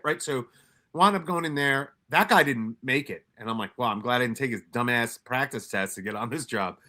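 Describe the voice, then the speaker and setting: A man raised in New York tells his stories casually, stumbling over restarts and swearing freely. His voice is bright and forceful. He acts out his own lines and those of others as he goes. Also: medium pitch, fairly quick. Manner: profane, animated retelling with many restarts and quoted asides. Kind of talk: casual storytelling.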